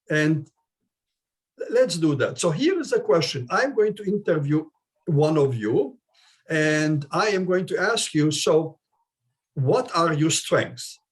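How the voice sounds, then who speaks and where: A man in his seventies with a marked non-native accent, giving a live career-coaching webinar over a video call. He talks in a chatty way and repeats points for emphasis. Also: on the high side. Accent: non-native English accent. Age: 70s.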